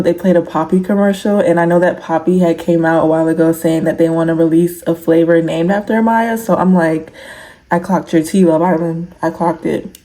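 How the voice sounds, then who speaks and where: A young woman chatting casually to camera in a crochet vlog, slangy and animated as she reacts to a TV show. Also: on the low side, low-quality recording. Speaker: crochet vlogger. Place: home, indoors.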